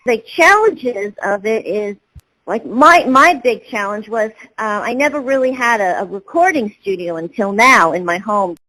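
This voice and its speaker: A woman's voice: medium pitch, a bit bright, low-quality recording. A woman, a voice actor, answering interview questions in a rambling way with many fillers and restarts. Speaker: voice actor guest.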